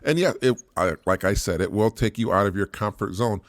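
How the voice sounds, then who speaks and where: A man's voice: lowish voice, brisk, no echo, studio quality. A middle-aged man hosting a solo parenting podcast. He talks in an earnest, repetitive way, laughs often and restarts his sentences. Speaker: podcast host, single father.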